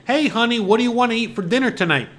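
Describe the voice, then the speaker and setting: A woman's voice: on the high side, expressive, quick pace, pitched above the performer's own voice, natural voice. A man voicing a practical, plainspoken Mexican wife who lists off dinner ingredients in a matter-of-fact way.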